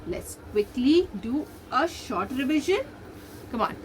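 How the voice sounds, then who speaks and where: A woman teaching young children as a nursery teacher, slowly repeating letter sounds in a sing-song way. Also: sits high, big pitch swings, background noise. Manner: sing-song, slow drilled repetition of sounds. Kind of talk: recorded online lesson for young children.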